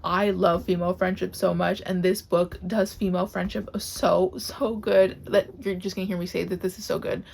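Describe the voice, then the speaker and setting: A woman reviews books in a casual home vlog, tearful and close to crying as she gushes, filling her speech with "like." Her voice is lowish, level, creaky and darkish, at normal speed with few pauses.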